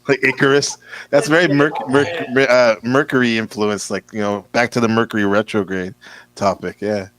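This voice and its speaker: A man hosting a casual online panel, relaxed and often chiming in to affirm the others. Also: mid-range voice, moderate pace, slight background noise, rough recording. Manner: relaxed, frequent affirming interjections. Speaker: panel host. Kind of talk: casual chat.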